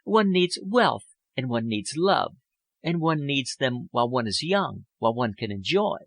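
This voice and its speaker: A man voicing a poised, worldly young woman who speaks in a languid, elegant, gently persuasive way. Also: mid-range voice, big pitch swings, unhurried, dry recording. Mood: wistful.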